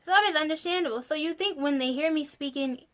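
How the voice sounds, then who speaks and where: Young woman vlogger, high voice, casual, laughs a lot. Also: quick pace. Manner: animated, laughs often, exasperated. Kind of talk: casual storytelling to camera.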